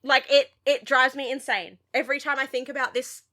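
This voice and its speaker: A woman's voice: sits high, steady tone, brisk, pushed and bright. A young adult woman co-hosting a podcast, chatting casually and emphatically about a TV show. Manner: emphatic and exasperated. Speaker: podcast co-host.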